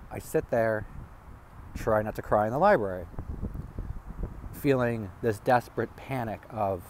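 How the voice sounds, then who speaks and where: A man telling a rambling personal story as a vlogger, halting and restarting as he talks. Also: fairly low pitch, darkish tone, a little hiss or hum.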